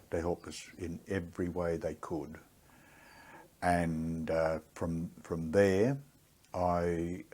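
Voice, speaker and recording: A man's voice: low voice, a little mellow. An older Australian man, a war veteran, telling his story in a plainspoken, gritty way in an oral history interview.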